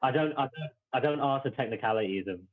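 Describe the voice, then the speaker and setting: A man's voice: mid-range voice, fast, narrow, tinny audio, crowd noise. A man hosting a podcast in casual chat, rambling with lots of fillers and restarts. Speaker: podcast host.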